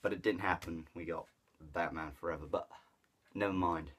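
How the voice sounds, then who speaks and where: A man with a notably deep, low voice talks through a film review in a loose, offhand way. He stumbles over his words, circles back with fillers, and gets excited about the bits he liked. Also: moderate pace, slightly rough. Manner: rambling, with many fillers and restarts; enthusiastic, laughs at the jokes he retells. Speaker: movie reviewer. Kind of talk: casual rambling film review.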